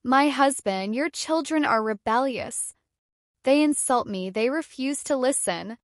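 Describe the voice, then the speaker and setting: A cruel stepmother from a spoken storybook, harsh and threatening with a put-on sweetness she slips into at will, as a woman narrator voices her. The voice sits fairly high and sounds close and dry. It is plainly the storyteller's own voice. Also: animated, a little slow, no echo. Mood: falsely sweet.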